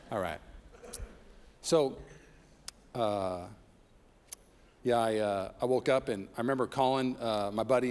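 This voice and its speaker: A man preaching a sermon as pastor, reading scripture and telling personal stories with humor and rising intensity. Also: medium pitch. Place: church sanctuary. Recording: long reverb of a large hall.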